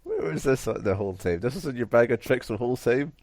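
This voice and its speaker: A man's voice: medium pitch, expressive, quick pace, a little mellow, no echo. A man co-hosting a podcast, casually recapping with frequent laughs and swearing. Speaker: podcast co-host. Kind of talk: casual chat.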